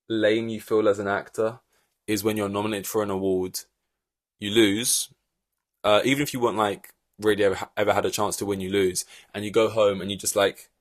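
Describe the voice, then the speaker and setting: A man hosting a casual podcast, rambling in animated reaction chat with loose swearing and lots of fillers. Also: fairly low pitch, no echo. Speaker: podcast host.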